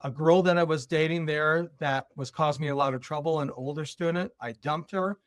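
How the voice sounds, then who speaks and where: A man's voice: a little high, a little fast, dry recording, studio quality. A man telling a personal story as a podcast guest, acting out both sides of a remembered conversation. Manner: animated retelling, acting out both sides of a dialogue. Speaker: guest speaker.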